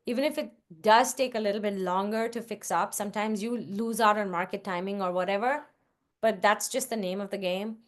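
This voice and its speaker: A woman's voice: mid-range voice, fairly even intonation, brisk. A woman answering questions on a video call in a casual, practical way, with frequent "like" and "um". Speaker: guest investor.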